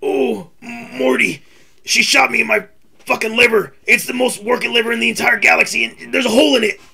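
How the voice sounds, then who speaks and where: A man's voice: extremely high pitch, fairly even intonation, a little fast, gravelly, pushed and bright, pitched above the performer's own voice, exaggerated voice. A man doing an impression of a cranky old mad scientist with a slurring drawl. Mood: complaining.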